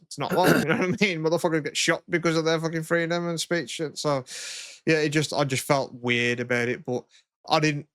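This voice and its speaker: A man's voice: fairly high pitch, steady tone, brisk, fairly bright tone, dry recording, clean studio sound. Sweary young man chatting. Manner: rambling, sweary, lots of "you know what I mean". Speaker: podcast co-host. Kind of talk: casual chat.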